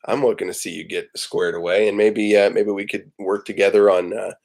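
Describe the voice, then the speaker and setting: A man's voice: on the low side, level tone, a little fast, gravelly, darkish tone. A man hosting a casual morning livestream from home, rambling and joking with plenty of ums and uhs. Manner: rambling and joking, with many fillers. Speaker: livestream host. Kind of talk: casual chat.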